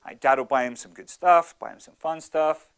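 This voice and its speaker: A man in his thirties giving a motivational talk, telling stories in an animated, conversational way. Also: a little high, normal speed, clean tone. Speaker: speaker.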